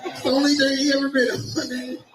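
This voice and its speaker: A man cracking loud profane roasts, laughing and shouting as he jokes. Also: very high-pitched, little pitch movement, fast, roomy sound, background noise. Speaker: comedian. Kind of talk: loud joking banter.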